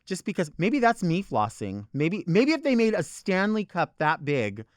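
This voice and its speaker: Sassy ranting male host, lively pitch. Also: normal speed, dry recording, clean studio sound. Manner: sassy, exasperated, profane. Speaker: talk show host. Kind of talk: unscripted comic rant.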